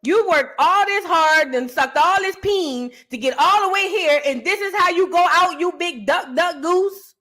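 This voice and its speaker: A woman hosting a reaction show, commenting loudly and profanely, with lots of emphatic repetition. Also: very high voice, measured pace, few pauses.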